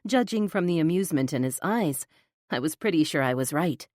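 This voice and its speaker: A woman narrating a first-person romance audiobook with an expressive, flustered inner voice, close to the mic. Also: low-pitched, brisk, no echo.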